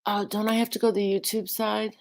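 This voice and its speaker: Gravelly-voiced woman rambling on a live stream. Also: medium pitch, little pitch movement, fast talker. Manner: chatty, rambling, greets chat viewers by name. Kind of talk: casual live-stream commentary.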